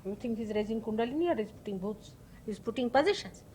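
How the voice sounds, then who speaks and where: A slightly high, warm female voice moves at a quick pace with lively intonation, recorded on poor audio with slight background noise. The spiritual teacher gives an informal talk, emphatically telling a story, repeating key words and voicing the people in it.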